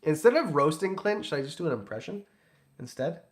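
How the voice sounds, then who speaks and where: A man's voice: on the high side, sing-song, fairly quick. A man hosting a casual livestream, reading super chats and teasing in a joking, rambling way. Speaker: livestream host.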